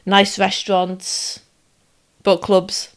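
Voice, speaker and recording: A young woman co-hosting a casual chat, explaining points in a measured way and rattling off lists. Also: medium pitch, completely flat delivery. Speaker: co-host.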